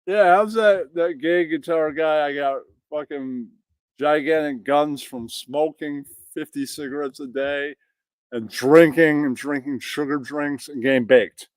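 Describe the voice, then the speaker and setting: A man's voice: on the high side, unhurried, smooth, no echo, natural voice, poor audio. Man doing a smug, drawling stoner braggart for a comedy riff. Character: lazy, stoned, self-satisfied man bragging.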